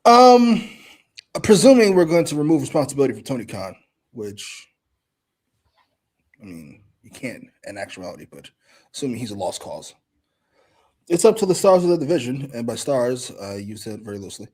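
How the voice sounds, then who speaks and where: Husky, animated man ranting. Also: medium pitch, normal speed, pauses often. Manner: animated, sarcastic, swears freely. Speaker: wrestling review co-host. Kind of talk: casual chat and opinionated commentary.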